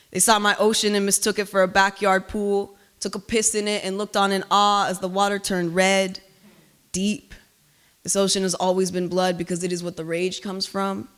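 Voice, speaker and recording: Intense woman poet, smooth clear voice. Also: mid-range voice. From Cuba. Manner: loud, emphatic, intense delivery. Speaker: spoken word poet. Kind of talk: spoken word poetry performance with chatty asides. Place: live reading at an art gallery.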